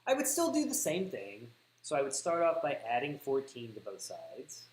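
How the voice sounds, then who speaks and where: Southern male math teacher, livestream lesson, animated delivery, thinks aloud, echoey room, faint hiss. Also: mid-range voice, normal speed. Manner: thinks aloud, corrects himself, repeats words for emphasis.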